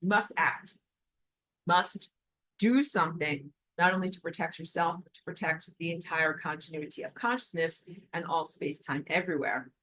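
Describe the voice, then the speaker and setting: A woman giving a recorded online spiritual lesson, reading out and answering viewer comments. Her voice sits on the low side, and she talks emphatically and animatedly, stacking repeated words for stress. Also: moderate pace, fairly bright tone, poor audio. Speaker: spiritual teacher.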